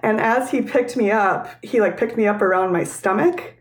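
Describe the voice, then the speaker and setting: A young woman calls into a podcast and tells her story in casual, lively talk. She is from Wisconsin and laughs now and then as she goes. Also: medium pitch, normal speed, slight background noise. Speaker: caller telling a story.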